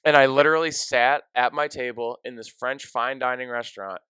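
A young man hosting a podcast, telling an emotional story in a casual, excitable way, full of "dude" and "like.". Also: medium pitch, a little fast, clear, resonant tone, no echo. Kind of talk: casual chat.

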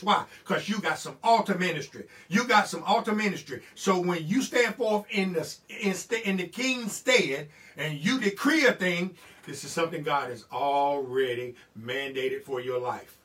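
A man preaching a sermon, repeating lines and building to shouted fervor. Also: on the high side, normal speed, far from the mic.

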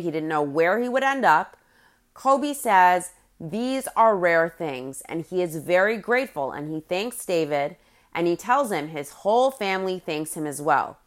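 A woman hosting a podcast, recapping a reality TV episode in a lively, sing-song storytelling delivery. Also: medium pitch. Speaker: podcast host.

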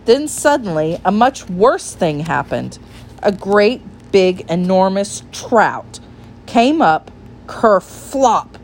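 Woman storyteller, unhurried, lively pitch, light background hiss. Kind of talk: reading a children's storybook aloud.

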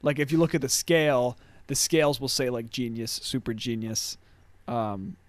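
A man's voice: mid-range voice, dry recording. A man co-hosting a podcast, chatting casually, joking and laughing often as he recaps a sitcom episode. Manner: jokey, laughs often, does quick character voices. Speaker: podcast co-host.

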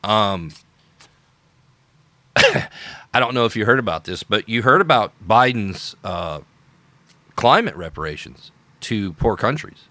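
A man's voice: lowish voice, big pitch swings, slow pace, pauses often, pushed and bright, dry recording. A man hosting an unscripted political podcast, talking in an opinionated, sarcastic way with emphatic repetitions. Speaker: podcast host.

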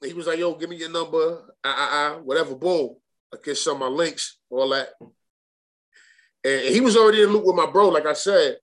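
A man's voice: on the high side, brisk, fairly bright tone. A young man, telling a rambling, profane story as a guest in a casual interview, full of restarts and slang. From Brooklyn, New York. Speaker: guest rapper.

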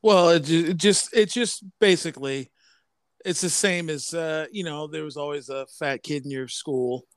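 A man in his thirties co-hosting a casual podcast, who talks in halting bursts and keeps repeating words and restarting his sentences. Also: on the high side, no room sound. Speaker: podcast co-host.

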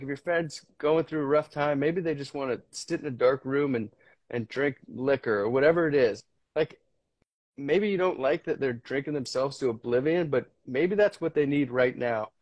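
A man's voice: medium pitch, normal speed, a little mellow, no room sound. A man as a podcast guest, talking candidly with frequent restarts, casual swearing and earnest storytelling. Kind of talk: candid conversation.

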